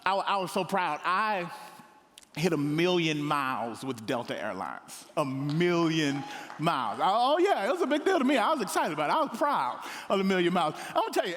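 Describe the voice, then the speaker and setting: A middle-aged pastor preaches a comedic sermon from a stage in a large hall, his voice pitched high. He's animated and joking, slipping into playful little voices for the characters in his stories, and a long echo follows every phrase.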